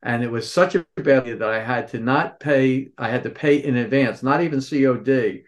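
Speaking at a medium pitch and a fairly quick clip, a Philadelphia-area store owner in his sixties guests on a podcast. His interview answers come as lively stories in which he imitates the voices of the people involved.

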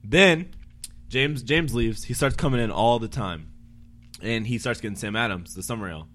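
A man's voice: mid-range voice, moderate pace, a bit bright. A man casually telling a profane story about a regular customer at the bar he works at. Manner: loose, profane storyteller who quotes people. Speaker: podcast co-host, bartender.

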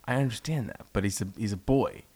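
A man co-hosting a podcast in casual chat, blunt and quick to swear. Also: fairly low pitch, expressive, darkish tone. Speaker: podcast co-host.

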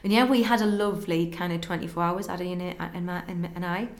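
A young woman, a guest in an interview, earnestly tells a personal story and acts out conversations in quick back-and-forth. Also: fairly low pitch, steady tone. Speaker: guest telling her story. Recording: roomy echo.

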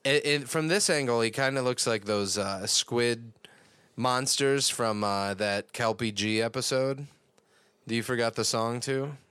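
A man's voice: medium pitch, a little slow, fairly bright tone, clear, resonant tone, no echo. A young man casually recapping a cartoon episode on a podcast, rambling and swearing with lots of fillers. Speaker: podcast co-host.

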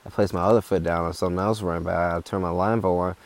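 A man's voice: sits low, fairly even intonation, fast talker. A young man telling a hiking story in a laid-back, rambling, profane way. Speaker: hiker. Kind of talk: casual storytelling.

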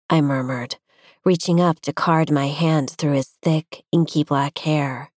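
A young woman reads a first-person romance in an intimate, confessional tone. Her voice is low-pitched, and the recording is dry and close with no room echo. The delivery stays personal and inward. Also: fairly even intonation, a little slow, darkish tone. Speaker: audiobook narrator.

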